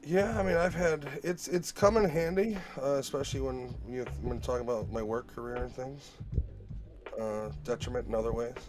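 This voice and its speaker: A man chatting casually as a guest on a live stream, easygoing and quick to laugh. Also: mid-range voice, music in the background. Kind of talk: casual chat.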